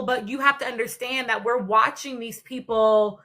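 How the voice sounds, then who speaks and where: A woman's voice: a little high, steady tone, brisk, bright, forceful tone. A woman hosting a live panel discussion, earnest and reflective, calling her viewers y'all. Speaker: live stream host.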